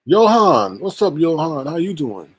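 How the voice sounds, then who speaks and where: A man's voice: fairly high pitch, sing-song, breathy edge. Boastful, teasing man hosting a live stream. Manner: boastful, teasing, drawn-out emphatic shouts. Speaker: livestream host. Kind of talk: casual live-stream chat.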